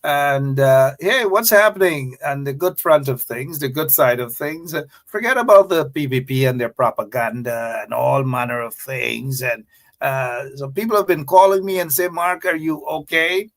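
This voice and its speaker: A man's voice: mid-range voice, moderate pace, a bit bright. A man with a Guyanese accent hosting a live radio talk show, talking straight to his listeners with emphatic, repeated phrases.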